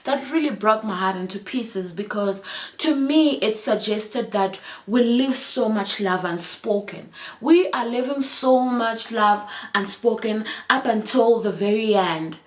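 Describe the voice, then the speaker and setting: A woman vlogger in her thirties speaks in a reflective chat vlog. Her pitch sits in the middle, and she talks earnestly and from the heart. She pauses on fillers and restarts her phrases now and then.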